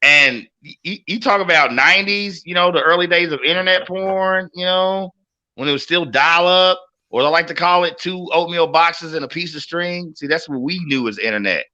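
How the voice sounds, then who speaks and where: A man's voice: a little high, moderate pace, highs cut off. A man co-hosting a casual wrestling podcast, telling stories with lots of energy and frequent swearing. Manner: animated storytelling, swears freely. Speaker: podcast co-host.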